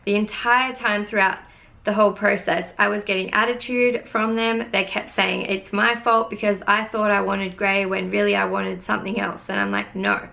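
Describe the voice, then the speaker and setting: A young woman tells a storytime vlog with a gravelly edge to her voice. She sounds fed up and vents freely, with casual swearing. Her pitch sits in a middle range. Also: fairly even intonation, moderate pace, pushed and bright. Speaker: beauty vlogger.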